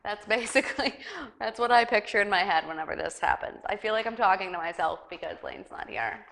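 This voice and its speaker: A woman's voice: medium pitch, animated, quick pace, creaky, a bit bright. Rambling, giggly woman talk show host. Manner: rambling, giggly, heavy on fillers. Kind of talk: casual news chat.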